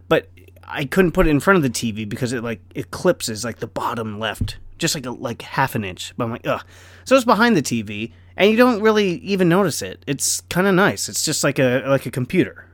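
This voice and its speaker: A man's voice: mid-range voice, no room sound. A middle-aged man rambling casually in a vlog, self-deprecating and laughing often, with lots of fillers. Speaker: vlogger.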